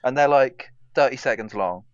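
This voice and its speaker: A man's voice: medium pitch, normal speed, no room sound. A man co-hosting a gaming podcast, talking in a laid-back, rambling way. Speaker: podcast co-host. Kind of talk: casual chat. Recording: dry, dull lo-fi mic.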